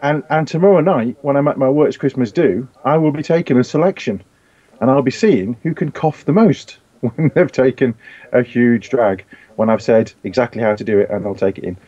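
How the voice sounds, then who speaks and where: Mellow man. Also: medium pitch, moderate pace. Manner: easygoing, many fillers. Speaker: show regular. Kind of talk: casual chat. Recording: dull lo-fi sound.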